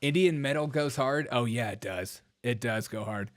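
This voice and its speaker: A man hosting a livestream commentary show, animated and giggly, laughing through his words. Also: medium pitch, moderate pace. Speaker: show host.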